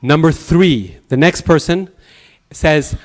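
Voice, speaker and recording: A man teaching a Sanskrit class at a temple, telling anecdotes in an animated way with chuckles and restarts. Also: fairly high pitch, slow pace. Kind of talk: lecture with anecdotes.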